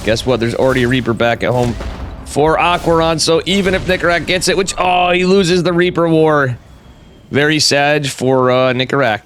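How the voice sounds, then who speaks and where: A man with a cold giving casual, chatty live commentary on a strategy game, talking straight to his viewers with jokey asides. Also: medium pitch. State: has a cold. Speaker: esports caster.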